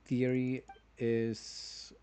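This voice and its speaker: A man streaming a video game, musing philosophically in halting, rambling phrases between pauses. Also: medium pitch, completely flat delivery, warm tone, clean tone. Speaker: gaming streamer. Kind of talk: reflective gameplay commentary.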